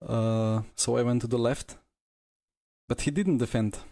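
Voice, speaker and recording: A man's voice: medium pitch, fairly even intonation, unhurried, gravelly, warm tone, no echo. Man, sim racing streamer, out of breath, casual chatty commentary, dry close mic.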